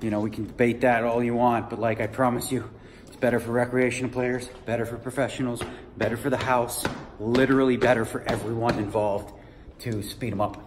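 A chatty man recording a casual vlog, speaking at a middle pitch in a loose, offhand way. He laughs often and calls his viewers "y'all." Steady ambient noise sits clearly behind him. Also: a little fast. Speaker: poker player vlogging his tournament day.

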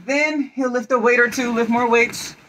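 High-voiced woman reading a storybook aloud. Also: steady tone, noisy background. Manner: playful, coaxing, giving quick directions. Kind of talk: home storytime read-aloud with pretend play.

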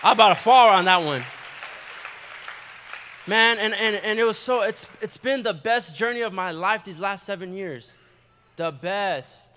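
A young adult man preaching a testimony sermon in a church, animated and storytelling, with quick asides. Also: high voice, a faint crowd, a little hiss or hum. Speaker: guest preacher giving testimony. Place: church sanctuary. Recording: long hall reverb.

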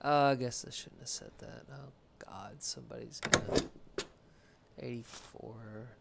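A man's voice: medium pitch, steady tone, measured pace, creaky, very noisy. A man giving loose let's play commentary while playing a game, rambling, joking and swearing casually. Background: video game music.

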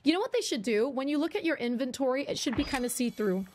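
A woman live-streaming a co-op survival game, chatting with viewers and teammates and reacting loudly when startled. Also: high-pitched, animated, quick pace, slight background noise. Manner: chatty, talks to viewers, jumpy loud reactions. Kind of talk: live co-op gameplay chat.

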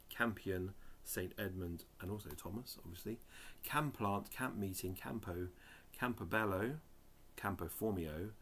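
A man's voice: on the low side, vocal fry, fairly bright tone, a little hiss or hum. A man reading dictionary headwords aloud one by one, adding muttered, dry asides. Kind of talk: casual reading of word lists.

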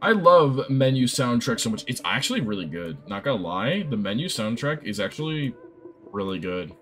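Excitable young man rambling on stream. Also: medium pitch, moderate pace. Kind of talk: casual live-stream gaming chat.

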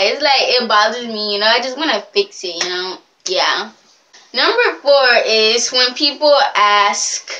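A young woman rambles through a casual vlog, giggling as she loses her thread. Her pitch swoops up and down, and her tone is bright and a little high. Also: animated, a little slow. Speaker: vlogger.

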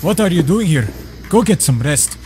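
A woman voicing a stern, secretive male ship captain, speaking low and gruff over game noise. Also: animated, moderate pace, warm tone, natural voice. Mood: commanding.

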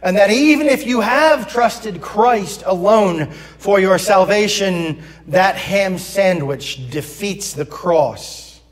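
Slow high-voiced male preacher in a reverberant church. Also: lively intonation. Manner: earnest, preaching to the congregation, self-deprecating asides. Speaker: pastor. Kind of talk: sermon. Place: church sanctuary.

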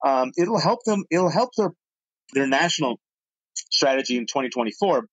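A man, a columnist guest, telling political anecdotes with lively energy and addressing the audience directly. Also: medium pitch, moderate pace, husky, no room sound, dull audio. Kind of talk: animated political storytelling.

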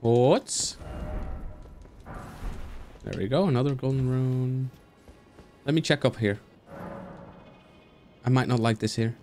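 A man's voice: medium pitch, slow, pauses often, soft background music. A man casually commenting on his game as he plays, talking to the characters and swearing. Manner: animated, swears, talks to the game, yelps and squeals. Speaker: gaming streamer.

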